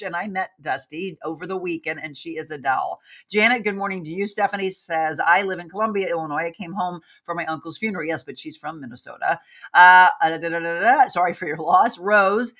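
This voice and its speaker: A woman's voice: mid-range voice, fairly bright tone. A woman hosting a live show, chatting casually and upbeat while reading viewer comments aloud and talking straight to her audience. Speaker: livestream host.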